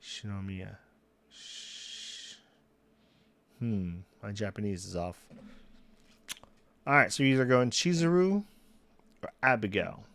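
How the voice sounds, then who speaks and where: A man's voice: on the low side, slow, long pauses, a bit bright. A young man chatting casually on a solo livestream, rambling, restarting sentences and laughing at himself. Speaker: streamer. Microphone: desk mic.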